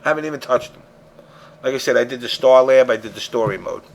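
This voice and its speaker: A man hosts a loose, casual gaming podcast at a middle pitch. He rants hard, swears freely and piles on emphasis as he argues his point. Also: fast. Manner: profane, emphatic ranting. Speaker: show host.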